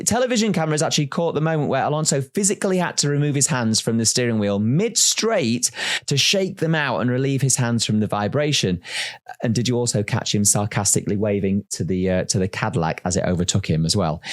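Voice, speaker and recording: A man reading a scripted, sarcastic motor racing recap in a wry, lively way. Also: medium pitch. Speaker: listener contributor presenting a race recap. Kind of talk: scripted comedic race recap.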